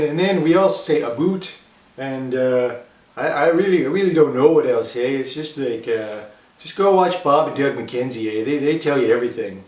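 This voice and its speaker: A man's voice: medium pitch, darkish tone, lightly acted. A man putting on an exaggerated Canadian accent as a folksy stereotypical Canadian. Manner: folksy, tags sentences with a questioning tag. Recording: echoey room, far from mic.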